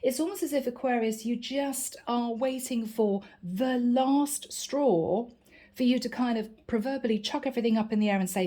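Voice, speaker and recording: A woman's voice: fairly high pitch, moderate pace, mellow. A woman giving a chatty channeled tarot reading, reassuring her viewers and acting out their little everyday grumbles. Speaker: tarot reader.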